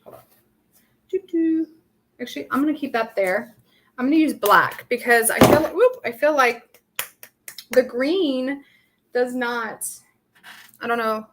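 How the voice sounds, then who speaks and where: A young woman leads a casual live craft tutorial at an unhurried pace. Her voice sits a little high, and she rambles and thinks aloud with plenty of ums. Her throat sounds dry. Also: lively intonation, noisy background. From Southern California. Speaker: craft workshop host.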